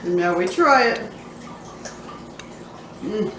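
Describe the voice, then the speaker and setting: A woman hosts a home cooking show in a slow, relaxed way, voice sitting a little high. She murmurs over her food and tosses out cheeky, profane asides. She is recorded from a few steps away in an echoey kitchen with a faint hiss behind her. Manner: playful, cheeky and profane, savoring food aloud. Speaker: cooking vlog host. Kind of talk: casual cooking vlog. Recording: echoey room, mic at a distance, faint noise.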